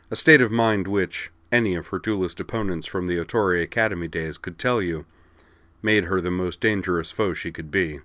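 Deep voiced guy reading a story out loud, steady and even, dry close mic. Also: no echo. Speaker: narrator. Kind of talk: storybook narration.

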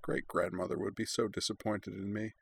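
A man voicing a tearful, gentle teenage girl airbender who talks softly through sniffles. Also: fairly low pitch, level tone, fairly quick, vocal fry, breathy edge. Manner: soft, sniffly and quiet.

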